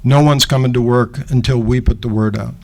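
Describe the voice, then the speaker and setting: A seasoned mob boss laying down terms in short, flat sentences, calm and commanding, as a man plays him while telling the story. He never needs to raise his voice. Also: mid-range voice, brisk, vocal fry, close to an everyday voice. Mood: menacing. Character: older male mob boss, calm and menacing.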